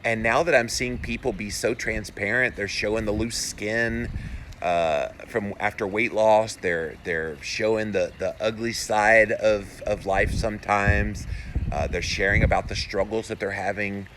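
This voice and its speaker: A man's voice: fairly low pitch, steady tone, a little slow, a bit bright, slight background noise. A man hosting a solo live show, reading viewer comments aloud and giving earnest, encouraging pep talks. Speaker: health podcaster and host.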